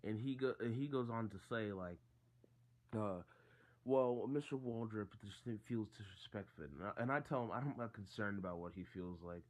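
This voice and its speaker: A man's voice: lowish voice, normal speed. A teenage boy telling a story from school in a casual, rambling way, full of fillers and restarts. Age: teens.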